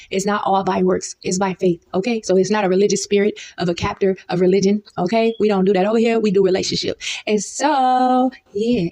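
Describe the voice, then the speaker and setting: Jeune prédicatrice, accent du Sud des États-Unis, ton familier, monte haut dans l'aigu quand elle insiste, ponctue de « okay ? ». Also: female voice. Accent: Southern US. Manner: lively, says "okay?" often, leaps high when stressing a point. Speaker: preacher. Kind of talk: informal Bible teaching.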